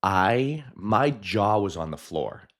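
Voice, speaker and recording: A man, a hypnotist, telling a personal story in a chatty, animated way, with frequent laughs and fillers. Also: on the low side, slow. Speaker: hypnotist and video host.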